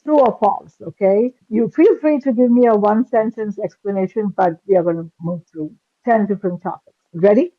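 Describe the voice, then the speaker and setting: A woman's voice: medium pitch, moderate pace, no room sound, dull audio. A woman hosting an interview podcast, chatty and telling stories with fillers. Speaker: podcast host, cardiologist.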